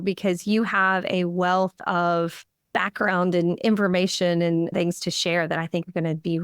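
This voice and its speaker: A woman hosts a business podcast in a low, smooth voice. She is encouraging and emphatic, cheering on her guest. The recording is dry and close. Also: no room sound. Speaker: podcast host. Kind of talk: casual podcast interview.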